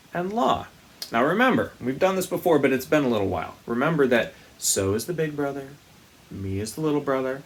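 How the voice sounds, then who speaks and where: A man teaching a music lesson to young children, speaking gently and patiently and demonstrating vocal slides with high sung sounds.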